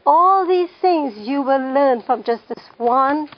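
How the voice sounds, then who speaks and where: A woman's voice: high-pitched, expressive, slow, lo-fi sound. A woman leading a parenting class, putting questions to the room and repeating the key phrases for emphasis. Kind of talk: classroom teaching with questions to the audience.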